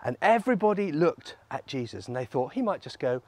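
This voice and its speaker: A man leading family worship as a vicar, telling a Bible story in an animated, playful way with props. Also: a little high, a little fast, no echo. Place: church.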